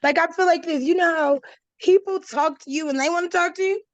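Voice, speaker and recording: A woman talking as a guest in a relaxed conversation, chatty and full of casual fillers. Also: very high voice, fairly quick, no room sound, lo-fi sound. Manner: chatty, full of "like" and "you know".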